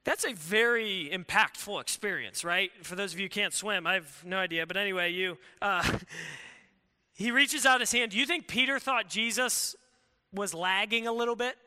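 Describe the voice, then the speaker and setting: A man preaching a sermon in a casual, animated way, often acting out quoted voices. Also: high voice, moderate pace, smooth. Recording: long hall reverb.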